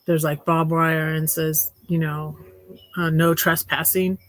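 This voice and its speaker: A woman's voice: low voice, monotone, takes it slowly, dry recording, poor audio. A woman vlogging from her tiny house, telling a casual story in a rambling way with wry, sarcastic humor. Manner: rambling, restarts often, with many fillers.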